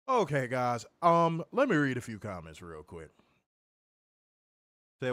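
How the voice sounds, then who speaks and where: A man's voice: mid-range voice, expressive, moderate pace, a bit bright, no echo. A man with a Chicago accent hosting a casual wrestling review show, ranting and swearing in heated bursts. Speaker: podcast host.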